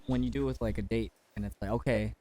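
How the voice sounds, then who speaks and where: A man's voice: fairly low pitch, fairly even intonation, fast, dark tone. Young guy cohosting a chill podcast, talks loose with lots of likes and ums. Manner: rambling, filler-heavy, laughs often. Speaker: podcast co-host. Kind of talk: casual chat.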